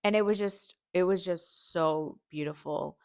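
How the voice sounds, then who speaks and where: A woman's voice: lowish voice, unhurried, darkish tone, no room sound, studio quality. Heartfelt rambling woman telling a story. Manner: heartfelt, rambling with many fillers and restarts. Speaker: podcast host. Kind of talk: personal storytelling.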